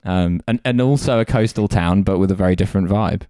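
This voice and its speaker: A man's voice: low voice, a little fast, mellow, clean tone, no echo. A man co-hosting a podcast in casual chat, joking in a dry, wry way. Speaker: podcast co-host.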